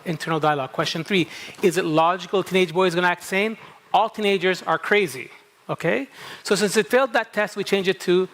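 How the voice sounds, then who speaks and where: High-voiced man with American accent. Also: brisk, a bit bright. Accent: American, picked up at a New England summer camp. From Kuwait. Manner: anecdotal, repeats "okay?" and acts out inner dialogue. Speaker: psychologist and panel moderator. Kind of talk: conference talk to an audience. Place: conference stage.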